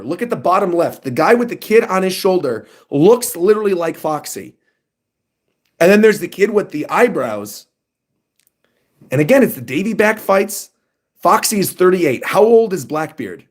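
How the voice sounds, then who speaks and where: A man on a casual livestream reacting to a new manga chapter. He talks in a fairly high voice and gets excitable and animated as he reads panels aloud and comments.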